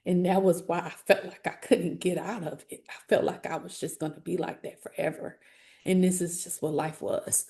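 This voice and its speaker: A woman with a low, darkly mellow voice tells her own story in an interview. Her delivery is earnest and halting, full of restarts, and a gravelly fry runs through her speech. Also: steady tone. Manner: earnest, halting, grows emotional. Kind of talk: personal testimony.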